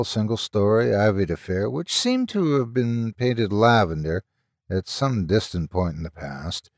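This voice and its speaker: Expressive male horror story narrator. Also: lowish voice, no echo, clean studio sound. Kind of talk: scripted narration.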